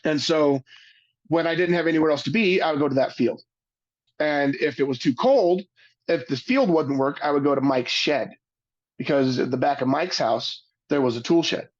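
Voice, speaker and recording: A man giving a webinar talk, telling a personal story in an earnest, halting way, often restarting his sentences. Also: a little high, muffled recording. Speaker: webinar speaker.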